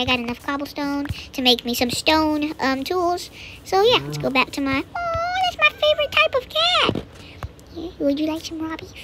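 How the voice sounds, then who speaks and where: Commenting on her gameplay in a casual let's-play, a woman speaks in a high, slightly bright voice over a little hiss or hum. She's playful and chatty, repeating words often and dropping to whispered asides.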